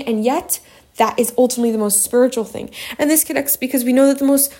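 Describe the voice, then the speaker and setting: A woman giving a spoken Torah lesson, passionate and emphatic, with sudden high bursts. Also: fast, warm tone. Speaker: Torah class teacher.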